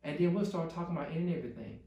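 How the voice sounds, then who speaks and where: A man's voice: fairly high pitch, racing, warm tone, far from the mic. A man preaching a sermon as pastor to his congregation, building to pleading intensity. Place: church sanctuary. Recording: echoey church room.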